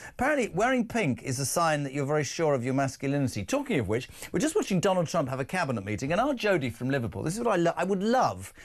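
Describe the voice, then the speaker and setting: A middle-aged man hosting live talk radio, chatty and teasing as he reads out listener texts. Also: on the high side. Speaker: radio talk show host.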